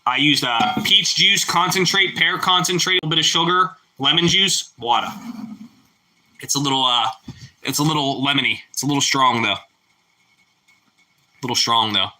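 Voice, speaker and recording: A young man hosting a casual live chat with viewers, relaxed and chatty, breaking into loud whoops of delight. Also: on the high side, normal speed. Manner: relaxed, chatty, exclaims "woo" over food. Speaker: livestream host.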